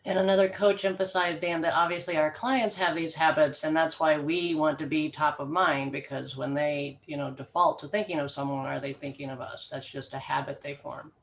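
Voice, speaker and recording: A participant adds their own thoughts during a sales coaching class. They speak in a relaxed, conversational manner. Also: mid-range voice, a little fast, few pauses, low-quality recording. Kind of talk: class discussion.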